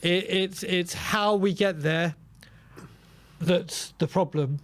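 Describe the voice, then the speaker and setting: Fan show host guy, kinda high voice, chatty, stumbles over words a lot. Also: slow. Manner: stammering restarts, friendly. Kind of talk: casual fan show hosting.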